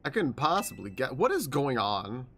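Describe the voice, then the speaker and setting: A man's voice: medium pitch, very animated, moderate pace, fairly bright tone, husky. A man streaming a video game, chatting casually, laughing often and reading the game's lines aloud. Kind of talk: casual gameplay commentary. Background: game music.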